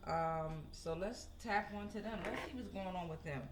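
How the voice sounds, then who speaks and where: A woman's voice: medium pitch, moderate pace, background noise. A woman giving a casual tarot reading, chatting to her viewers and often asking "right?". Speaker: tarot reader.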